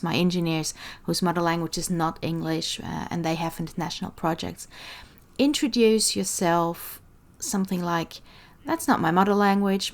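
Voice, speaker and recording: A woman's voice: fairly low pitch, creaky. A woman with an Austrian accent hosting an interview podcast, asking questions and explaining directly through worked examples. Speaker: podcast host. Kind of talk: conversational interview.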